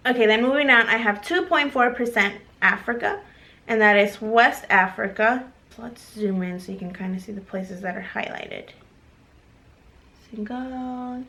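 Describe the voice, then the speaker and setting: A woman's voice: fairly high pitch, creaky, bright, forceful tone. A young woman from the United States vlogging casually, reading out her results and lists of countries in a chatty way. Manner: chatty, reads out lists of countries, laughs easily. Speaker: YouTuber.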